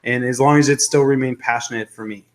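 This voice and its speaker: Young male streamer, casual rambling chat, average pitch, joking tone, reads comments aloud. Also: fairly even intonation, quick pace. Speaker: livestream host.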